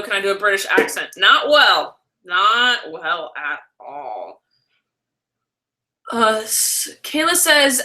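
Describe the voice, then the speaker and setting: A woman's voice: mid-range voice, bright, forceful tone. A young woman hosting a casual live stream, rambling and chatty as she answers viewers and corrects herself as she goes. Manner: chatty and rambling, heavy use of "like", quick self-corrections.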